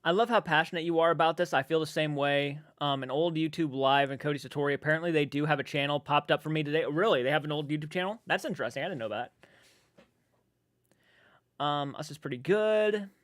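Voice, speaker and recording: A man's voice: fairly high pitch, fast, a bit bright, dry recording, clean studio sound. A man chatting casually on a live stream, reading viewers' comments aloud, rambling and swearing freely.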